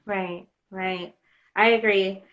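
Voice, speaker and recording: A woman's voice: medium pitch, steady tone, takes it slowly. A woman in her thirties hosts a conversational interview. She talks openly and personally, with plenty of ums. Her mid-range voice comes through a little dull and lo-fi. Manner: candid, personal storytelling with fillers. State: pregnant. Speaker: podcast host. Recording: slightly dull lo-fi sound.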